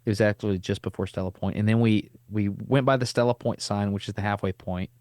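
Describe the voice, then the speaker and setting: A middle-aged man with a lowish voice tells a story on a podcast. His delivery is casual and lively, and he drops in easy slang. The sound is close and dry, with no room echo. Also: quick pace. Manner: animated, laid-back storyteller with casual slang. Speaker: podcast host.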